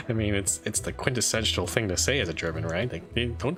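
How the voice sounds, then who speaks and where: Low-voiced rambling male streamer. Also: brisk, a bit bright, soft background music. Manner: rambling, self-deprecating, many restarts. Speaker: game streamer. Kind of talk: casual live-stream commentary.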